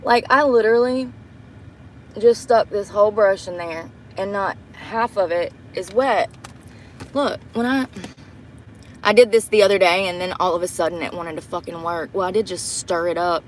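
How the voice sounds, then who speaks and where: A woman's voice: medium pitch, moderate pace, slight background noise. A young woman telling a blunt, profanity-laced story while doing her makeup in a parked truck, recorded on a phone camera. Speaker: vlogger livestreaming a get-ready-with-me.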